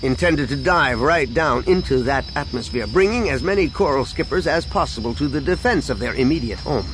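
A man narrating a science-fiction audiobook with a dramatic, expressive reading. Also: medium pitch, a little fast, background noise. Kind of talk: scripted narration. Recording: music clearly behind.

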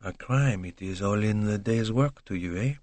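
A man voicing a shrewd, probing older male detective who questions slowly and deliberately. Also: fairly low pitch, a little mellow, dry recording, lightly acted. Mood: needling.

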